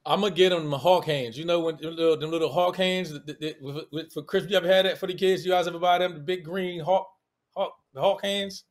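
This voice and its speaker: A man's voice: fairly high pitch, fairly even intonation, quick pace, few pauses. A man with a Washington DC accent, co-hosting a casual sports talk show and ribbing his co-hosts playfully. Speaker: podcast co-host.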